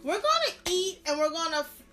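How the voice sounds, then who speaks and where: A woman with a high voice co-hosts a casual podcast chat. She speaks earnestly and with emphasis as she gives advice to listeners. Faint music sits behind her. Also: big pitch swings, brisk. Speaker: podcast co-host.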